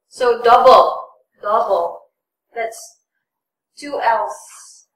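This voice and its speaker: High-voiced woman teaching from across an echoey room. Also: expressive, slow pace, far from the mic. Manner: patient, repeats and stresses words for learners. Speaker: English test tutor. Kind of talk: classroom lesson.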